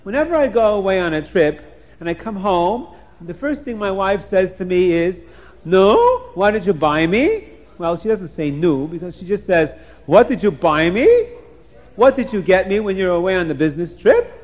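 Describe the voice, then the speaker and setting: A rambling, excitable poet who chatters on eagerly, as a man puts him on. His voice sits high for a man. It comes through a dull, lo-fi recording. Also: normal speed. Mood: chatty. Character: cheerful talkative poet man, husband.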